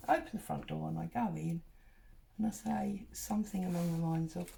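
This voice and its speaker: A woman's voice: lowish voice, a little fast, gravelly, mellow, slight background noise. A middle-aged woman, chatting and telling a rambling story while she does paper crafts at home. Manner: chatty, rambling, wanders off and back to her story. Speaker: craft vlogger.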